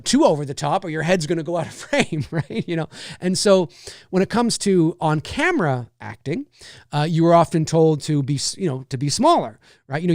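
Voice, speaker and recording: A man's voice: a little high, dry recording, clean studio sound. Rambling man in his forties hosting a stream. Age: 40s. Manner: rambling, loose, many fillers and restarts. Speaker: live-stream host answering chat. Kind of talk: casual chat.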